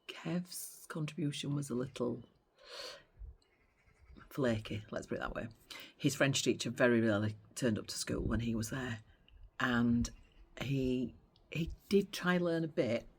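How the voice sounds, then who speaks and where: A woman's voice: rumbling low, unhurried, husky. A middle-aged woman vlogging in a casual chat, talking in a chatty, sarcastic way and often going off on tangents.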